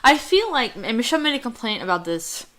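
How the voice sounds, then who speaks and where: A woman's voice: a little high, sing-song, brisk, fairly bright tone. A woman hosting a let's play from a room at home, rambling casually and reading game text aloud. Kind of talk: casual gameplay commentary.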